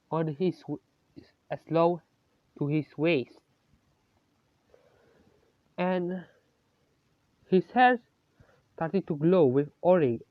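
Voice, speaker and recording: A slow, halting storyteller who improvises a fan story and keeps correcting themselves mid-sentence. The voice sits at an ordinary pitch and is close and dry, with no room sound. The recording is dull and lo-fi. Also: dry recording.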